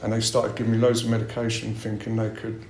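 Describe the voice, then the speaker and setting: A man's voice: lowish voice, monotone, fast, darkish tone, slight background noise. A middle-aged man giving a blunt personal share at a recovery meeting, swearing a lot as he talks. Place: meeting room. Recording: roomy meeting-room echo.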